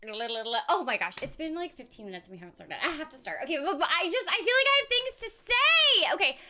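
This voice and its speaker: Very bright, high, bubbly woman streamer. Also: sing-song, fairly quick. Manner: bubbly and chatty, scatting filler sounds; giggly, rambling with restarts. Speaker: game streamer and voice actor. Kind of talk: casual live-stream chat with viewers.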